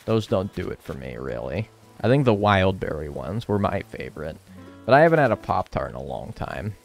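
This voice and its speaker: Young American male gaming streamer; bouncy, expressive delivery, casual swearing, cheeky banter. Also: low-pitched, moderate pace, vocal fry, faint music behind. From United States. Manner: animated, swears casually, playful banter and mock arguing. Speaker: game streamer. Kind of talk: casual chat while gaming, answering chat.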